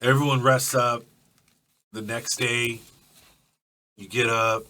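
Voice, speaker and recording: A man runs a tabletop game with loose, profane storytelling and lots of "like"s. His voice sounds bright and sharp. The mic sits a little away from him. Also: medium pitch, level tone, slow pace, distant mic. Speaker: game master.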